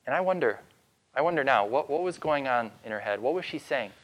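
A man preaching as pastor, retelling a story with dramatic pauses and slowing down for emphasis. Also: medium pitch, animated. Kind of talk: sermon.

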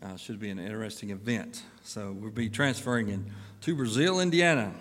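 A middle-aged man, a pastor giving church announcements and then a sermon in a folksy, filler-heavy way with lively rises of emphasis. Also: lowish voice, brisk. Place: church sanctuary. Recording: long church-hall reverb.

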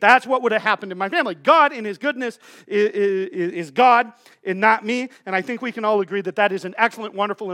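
Middle-aged male pastor, high bright voice, chatty sermon style with lots of restarts. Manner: casual and joking, many restarts.

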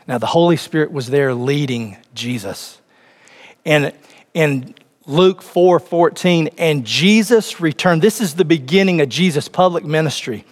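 A man preaching a sermon, reading scripture and speaking directly to the congregation with rising emphasis. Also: a little high. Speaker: pastor. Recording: long hall reverb.

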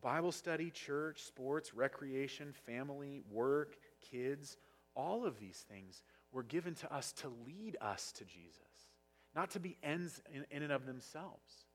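A man delivers a sermon in a husky, slightly breathy voice at an ordinary middle pitch. He preaches with passion and now and then gets loud. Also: expressive, a little slow. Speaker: pastor. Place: church sanctuary.

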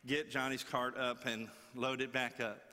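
A man's voice: medium pitch, level tone, unhurried, bright, forceful tone, in a large hall, voice pushed down. A man voicing a kindly older farmer who offers help in a friendly, folksy way during a sermon story. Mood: reassuring.

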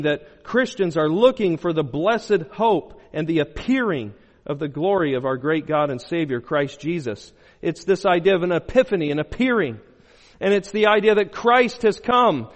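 A man preaching a sermon as pastor, moving between loud emphatic bursts and low, quiet phrases. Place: church sanctuary. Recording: long hall reverb.

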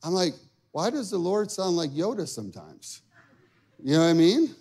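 A man's voice: high voice, sing-song, moderate pace, darkish tone, breathy edge. A man, a pastor in his younger adult years, preaching a sermon in a conversational, joking way and acting out people's inner thoughts.

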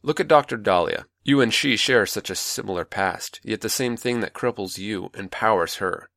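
A man playing a manipulative older male mentor, calm, patronizing and coaxing, in a dry close recording. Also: lowish voice, moderate pace, vocal fry, no echo.

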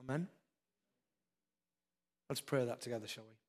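A man's voice: mid-range voice, normal speed, a little mellow. A man preaching a sermon, with earnest, repeated exhortations. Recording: long hall reverb.

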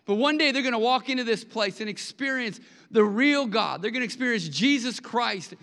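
High, bright-voiced pastor in a reverberant church. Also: male voice, moderate pace. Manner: conversational, animated storytelling with acted quotes. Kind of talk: sermon. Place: church sanctuary. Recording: long hall reverb.

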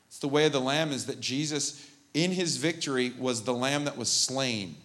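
Man preaching a lively sermon. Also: medium pitch, normal speed. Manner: animated and informal, with asides and jokes. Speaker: pastor. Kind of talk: conversational sermon. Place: church service, live.

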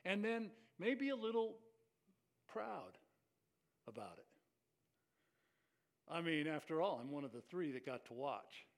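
A man's voice: on the high side, sing-song, measured pace, pauses often. A male pastor preaching a sermon, acting out the lines he quotes, often restarting words.

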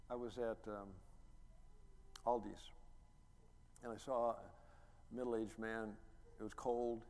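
Man preaching in a reverberant hall. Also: medium pitch. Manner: storytelling, acts out quotes, rises to loud emphatic peaks. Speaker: pastor. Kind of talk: sermon. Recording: long reverb, faint ambient noise.

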